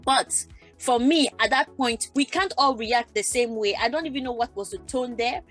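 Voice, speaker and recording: A woman who grew up in Germany, speaking as a panelist in a discussion, talking in an animated way with many restarts and repeated words. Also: on the high side, moderate pace, faint music behind. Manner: animated, acts out quoted exchanges, repeats herself.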